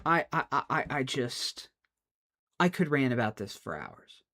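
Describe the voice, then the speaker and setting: A man's voice: medium pitch, sing-song, a little slow, sharp tone. A man, a streamer, in an exasperated, profane rant, often stammering and restarting his words. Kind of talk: angry rant.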